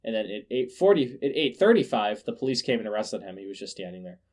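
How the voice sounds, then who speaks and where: A man hosting a casual news podcast, sarcastic and quick to laugh, often restarting his words. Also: lowish voice, sing-song, a little mellow. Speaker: podcast host.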